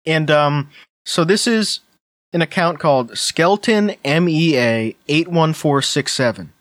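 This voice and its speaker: Guy reading dumb posts out loud, deadpan and wry, kinda high voice, dry mic. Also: dry recording. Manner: wry, deadpan, quick asides. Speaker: podcast host. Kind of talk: casual chat, reading posts aloud.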